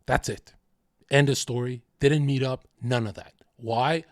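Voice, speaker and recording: A man's voice: medium pitch, fairly even intonation, unhurried, no echo, clean studio sound. A man livestreaming, ranting casually in a heated, profane, rambling way.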